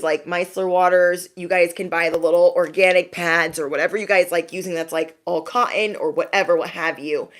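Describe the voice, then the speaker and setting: A woman's voice: lowish voice, fairly bright tone. A woman hosting a casual livestream, chatting in a slangy way with frequent laughs and "okay?" asides, and mimicking people she quotes. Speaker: tarot reader and livestream host.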